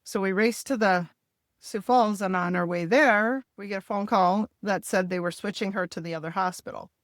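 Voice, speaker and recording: With a mid-range voice at a moderate pace, a middle-aged woman hosting a podcast shares her family crisis in an interview, open and full of feeling as she quotes the people involved. The studio sound is clean, with no room echo.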